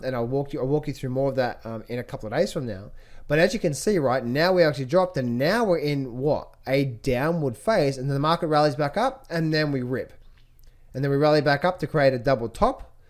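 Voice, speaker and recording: A trading educator shares his screen and walks through charts, animatedly pointing things out, repeating key phrases and posing rhetorical questions. His voice is medium-pitched and a little fast.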